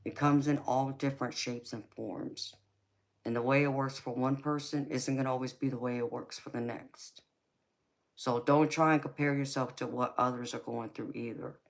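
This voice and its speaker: This tarot reader with a Southern US accent talks through a live-stream reading, responding to chat warmly and loosely and saying "you know" a lot. She has a rumbling low voice with fairly even intonation at a normal speed.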